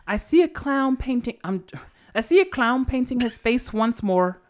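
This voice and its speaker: Woman doing a hammy Irish lilt, sad clown ballad, sing-song recital, lively swooping pitch. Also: moderate pace, close to an everyday voice. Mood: wistful, mocking. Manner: sing-song storytelling, breaking into laughs. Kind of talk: recited song lyrics in a mock accent.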